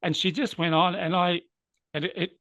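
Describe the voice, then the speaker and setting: A man's voice: high-pitched, steady tone, moderate pace, fairly bright tone, no echo. A man, an interview guest earnestly recounting a personal story, sometimes moved by it. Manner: earnest, moved to emotion at times. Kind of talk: reflective storytelling.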